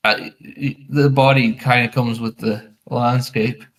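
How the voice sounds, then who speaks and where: A man's voice: mid-range voice, steady tone, unhurried, a bit bright, far from the mic, rough recording. A man playing in a tabletop game, stumbling over words as he talks. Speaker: player. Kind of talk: casual tabletop play.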